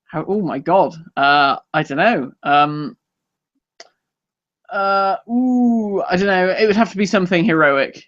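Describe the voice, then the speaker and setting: A man's voice: high-pitched, a bit bright, dry recording. Rambling man on a lo-fi live podcast. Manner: rambling, self-deprecating, quick to laugh. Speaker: podcast co-host. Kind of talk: casual live podcast chat.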